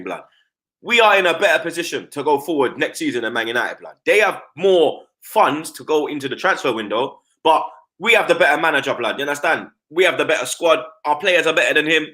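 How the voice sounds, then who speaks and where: A man's voice: on the high side, expressive, a little fast, bright, forceful tone. A man, a football fan pundit chatting casually on a live stream. He talks in heavy slang and keeps tagging his lines with "blood" and "you get me".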